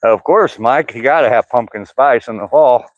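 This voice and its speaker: A man's voice: medium pitch, moderate pace, no echo, narrow, tinny audio. An older man joking and laughing as he reads live chat comments aloud during a walk on a trail. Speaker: vlogger. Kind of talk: casual live-stream chat while walking. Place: outdoor walking trail.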